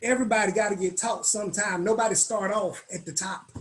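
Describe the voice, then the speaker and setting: A man speaking as a guest at a business meetup, telling stories in a lively, colloquial way and acting out the voices of the people in them. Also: high-pitched, a little fast, rough recording. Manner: animated, colloquial, acts out quoted voices. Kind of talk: storytelling in a business meetup talk.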